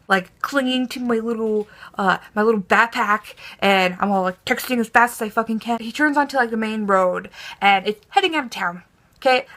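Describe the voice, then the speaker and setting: A young woman vlogger telling a story to camera in a casual, animated way, swearing a lot and acting out her own panic. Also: mid-range voice.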